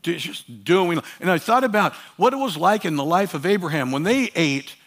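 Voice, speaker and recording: High-pitched male pastor, emphatic sermon delivery with repeated phrases. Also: lively intonation, moderate pace. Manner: emphatic, swings between loud urging and quiet asides.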